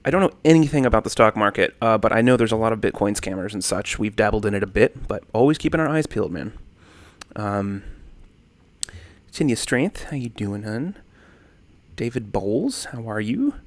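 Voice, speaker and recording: Speaking at a moderate pace in a lowish voice, this young livestream host chats casually from home on a desk condenser microphone with no room sound. He's laid-back, reads viewer comments, welcomes people by name, and gets animated in swings.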